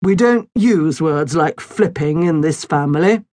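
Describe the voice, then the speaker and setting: Pompous storybook dad, prim and lecturing, played by a woman, lively delivery. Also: sits low, unhurried, no echo. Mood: stern. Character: fussy middle-aged dad, pompous and cheerful.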